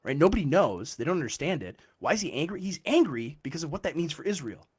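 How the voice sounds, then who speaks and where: Animated man explaining scripture. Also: on the high side, fast, slightly rough. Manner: animated, explains with frequent "right?" checks. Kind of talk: casual theological discussion.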